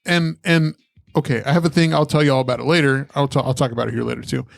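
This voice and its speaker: A man's voice: medium pitch, steady tone, fast talker, vocal fry, dry recording. A man co-hosting a podcast, telling stories in casual chat, swearing and laughing often. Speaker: podcast co-host.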